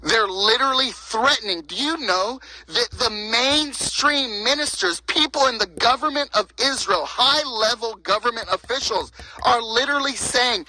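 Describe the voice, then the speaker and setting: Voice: medium pitch, normal speed, few pauses, bright, forceful tone, poor audio. A speaker giving an impassioned, preaching monologue, fervent and indignant, firing off one rhetorical question after another.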